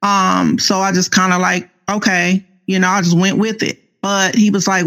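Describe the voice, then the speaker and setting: Woman in her fifties, author guest, gravelly tone, earnest testimony. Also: medium pitch, little pitch movement, a bit bright. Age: 50s. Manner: slow, earnest, faith-filled storytelling. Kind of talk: personal testimony interview.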